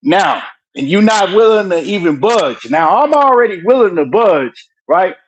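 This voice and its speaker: A man's voice: high voice, very animated, normal speed, dull audio. A man debating on a live stream, talking through an earbud and pressing his point with repeated questions and "right?".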